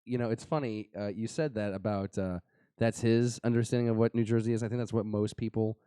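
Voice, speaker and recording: Fairly quick and steady, this young podcast host has a fairly low, dark, resonant voice that comes through clearly. His casual, joking live-show chat is full of fillers and restarts, recorded at studio quality with no echo.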